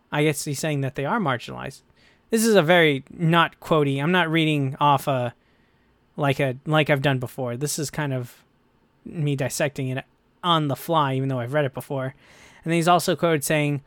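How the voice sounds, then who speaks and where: Lively podcast host with a smooth voice. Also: male voice, on the high side, moderate pace, dry recording. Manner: animated, quotes others in playful put-on voices. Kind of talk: casual podcast discussion.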